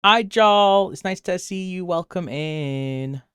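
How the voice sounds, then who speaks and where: Chatty British streamer with a smooth voice. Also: male voice, high-pitched, slow, dry recording, clean studio sound. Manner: rambling and chatty, laughs often, voice jumps up when excited. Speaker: livestreamer. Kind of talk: casual live-stream chat, answering chat.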